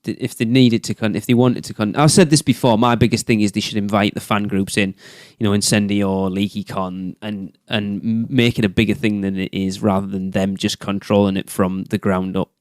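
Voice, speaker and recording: A man's voice: on the low side, fairly even intonation, a little fast, hardly any pauses, darkish tone, dry recording, studio quality. A man co-hosting a casual podcast who gives his opinions freely and thinks aloud. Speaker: podcast co-host. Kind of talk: casual chat.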